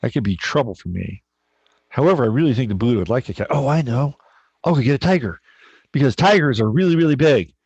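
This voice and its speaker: A man's voice: medium pitch, lively intonation, fast talker, a little mellow, husky, no echo. A man voicing a sly, scheming little male rat who mutters plans to himself, on a dull, dry recording.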